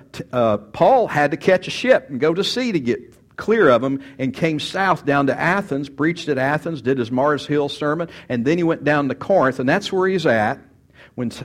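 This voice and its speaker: A man preaching a sermon and teaching from scripture, swinging from loud emphatic bursts to quiet asides and acting out quoted speech. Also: on the high side. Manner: animated, rises loud for emphasis, then drops quiet; acts out quoted speech, repeats words. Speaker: pastor.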